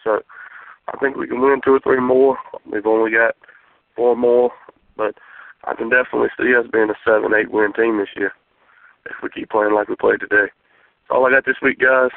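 A man's voice: medium pitch, steady tone, normal speed, vocal fry, long pauses, slight background noise. A male caller, laid-back and hopeful about the season. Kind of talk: recorded fan call-in. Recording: tinny phone line.

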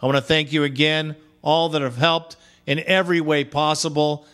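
A man with a somewhat high voice hosts a call-in fan podcast. He talks bluntly and casually, treating callers like old friends. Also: level tone, normal speed, a bit bright. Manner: blunt, chummy, calls callers brother. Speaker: podcast host. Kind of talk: casual call-in show hosting.

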